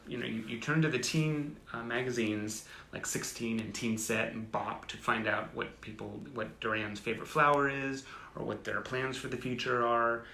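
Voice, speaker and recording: A chatty man hosts a casual live stream, reading aloud with wry, self-mocking asides. His voice is gravelly and bright. He sounds a bit roomy and echoey, as if recorded live at home. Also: mid-range voice, a little hiss or hum. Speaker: host. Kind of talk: casual livestream chat reading old clippings. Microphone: phone or webcam on a live stream.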